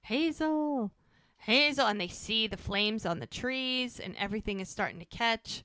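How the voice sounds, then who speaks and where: Bright chatty woman doing a show recap, acting out the lines, dry close mic. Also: mid-range voice, normal speed, clean tone, dry recording. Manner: animated retelling, acting out quoted lines. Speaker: podcast co-host. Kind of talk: casual episode recap.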